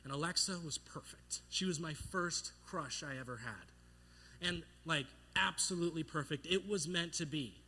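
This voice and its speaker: A young man preaching a sermon as pastor, telling a childhood story with playful, animated delivery and acting out the voices in it. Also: fairly high pitch, normal speed, husky. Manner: animated, playful, acts out voices in his stories.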